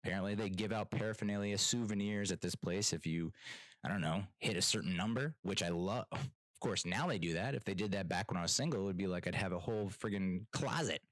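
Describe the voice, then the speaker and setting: A man's voice: sits low, fairly quick, a bit bright, dry recording, low-quality recording. A man hosting his own podcast, telling rambling, self-mocking stories in casual solo chat. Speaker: podcast host.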